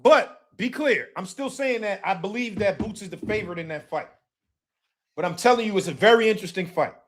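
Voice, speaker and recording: A man's voice: high voice, fairly bright tone. A man hosting a casual livestream boxing talk show, emphatic and slangy, often repeating himself.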